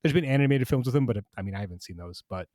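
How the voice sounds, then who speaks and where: A man's voice: medium pitch, lively intonation, racing, warm tone, no room sound, clean studio sound. A man co-hosting a podcast in casual chat, rambling and hunting for names as he talks. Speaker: podcast co-host.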